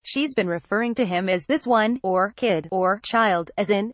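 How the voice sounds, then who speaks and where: A woman narrating a memoir excerpt in an even, measured reading voice that changes little for the quoted lines. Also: mid-range voice, dry recording. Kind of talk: steady read-aloud narration.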